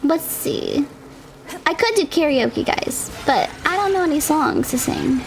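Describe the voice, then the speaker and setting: A young woman streaming a video game, chatting casually with viewers and reacting with loud shrieks. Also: high voice, lively intonation, a little slow. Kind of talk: casual live-stream chat while gaming. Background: game music and sounds.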